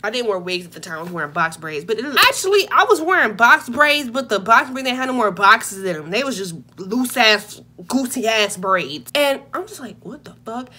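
A young woman vlogger telling a comedic story in a brash, profane and animated way. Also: on the high side, moderate pace, few pauses, slight background noise.

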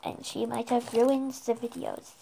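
A woman's voice: fairly high pitch, level tone, unhurried, vocal fry, mellow, slight background noise. A young woman hosting her own channel in a playful, giggly way, often restarting and laughing at herself. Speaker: channel host. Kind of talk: giggly casual vlog chat.

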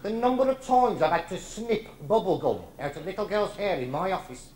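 A man's voice: sits high, lively intonation, brisk, a little mellow, echoey room, a little hiss or hum. A man doing a strict, scolding headmaster. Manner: clipped, scolding schoolmaster tone.

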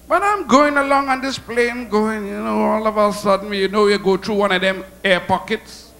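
A man with a Trinidadian accent telling stand-up jokes on stage, animated and laughing at his own punchlines. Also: high voice, moderate pace, creaky, hardly any pauses. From Trinidad and Tobago. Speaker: stand-up comedian. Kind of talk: stand-up comedy storytelling. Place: comedy show stage.

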